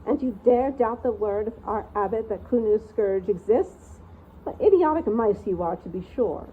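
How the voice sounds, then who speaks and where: A woman voicing an ancient, forgetful male mouse who keeps records, speaking in a squeaky near-whisper and rambling like a doddering elder. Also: lively intonation, moderate pace, husky. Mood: scornful. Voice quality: squeaky voice barely above a whisper. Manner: doddering, rambling, peering over spectacles. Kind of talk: storybook reading. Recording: tinny phone-like sound, faint hiss.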